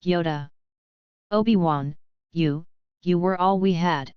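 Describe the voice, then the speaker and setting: A woman's voice: fairly low pitch, slow pace, smooth, dry recording. Casting: heartbroken, pleading young wife, read by a woman, dry, dull sound. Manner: pleading, tearful.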